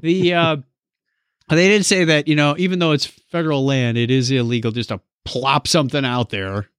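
Male podcast host, chatty and animated, a touch high, dry close mic. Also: normal speed, clean tone, dry recording. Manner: animated, chatty, jokey asides. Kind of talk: casual podcast banter.

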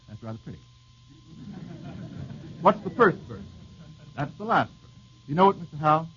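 A man's voice: a little high, big pitch swings, fairly bright tone, a little hiss or hum. A man hosting an old-time radio quiz show, bantering wryly with the panel and reading out listeners' questions. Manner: wry, bantering, quick with jokes. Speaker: quizmaster host. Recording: dull lo-fi old radio broadcast.

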